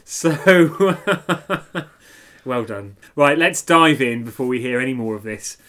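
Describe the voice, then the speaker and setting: A man co-hosts a music review podcast in an easy, conversational way. His voice sits in an ordinary middle register, and he talks eagerly, often pausing on fillers before pressing on. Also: medium pitch, animated, pushed and bright. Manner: chatty, enthusiastic, hesitant with fillers. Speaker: podcast co-host. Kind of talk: casual music review chat.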